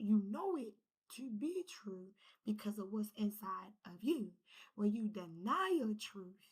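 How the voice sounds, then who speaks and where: A woman giving a casual spiritual reading, animated and talkative, who drops into whispers, swears and laughs often. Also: mid-range voice, breathy edge, low-quality recording. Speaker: spiritual reader.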